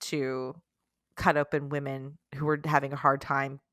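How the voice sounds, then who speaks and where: A woman's voice: extremely low pitch, flat delivery, measured pace, a bit bright, no room sound, studio quality. A woman co-hosting a casual podcast chat, who often laughs at her own storytelling. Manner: giggly, laughs through her own telling. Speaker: podcast co-host.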